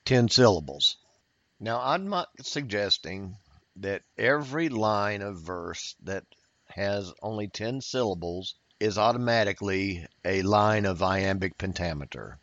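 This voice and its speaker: Man, lower voice, unhurried workshop leader, dull dry lo-fi recording. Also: lively intonation, fairly bright tone, dry recording. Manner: patient, explanatory, with fillers and repetitions. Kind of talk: workshop lecture.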